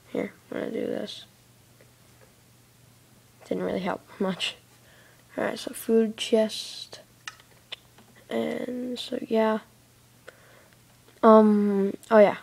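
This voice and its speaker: A woman talks her way casually through a building game, rambling and giggling, then breaking into excited squeals. Her middle-pitched voice has a gravelly fry to it. She sits in a dark room, picked up by a tablet's built-in mic. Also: unhurried, pauses often. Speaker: let's play host. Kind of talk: casual gameplay commentary. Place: dark room, sitting in a big armchair. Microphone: tablet microphone.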